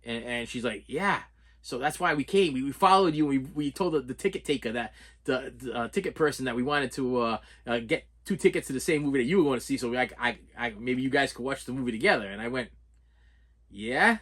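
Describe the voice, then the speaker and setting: A middle-aged man casually telling stories while unboxing movies, animated, laughing often and stumbling over repeated words. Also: medium pitch, quick pace. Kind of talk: casual storytelling vlog.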